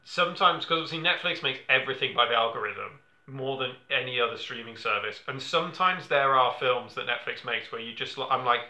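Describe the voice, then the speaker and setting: A man chatting casually on a film podcast, rambling and animated as he acts out quotes. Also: medium pitch, fairly quick, few pauses. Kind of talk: casual chat. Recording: roomy echoey room.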